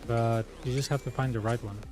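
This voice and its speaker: A man's voice: mid-range voice, fairly even intonation, a little fast, a little mellow, soft background music. A man whose first language is Spanish, chatting casually and rambling through stories with many restarts while streaming a game. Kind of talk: casual chat while gaming.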